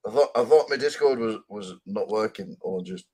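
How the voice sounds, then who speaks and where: A man's voice: on the low side, moderate pace, dark tone. A man in a casual voice chat, chatty and telling a story about his shopping. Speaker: chat participant.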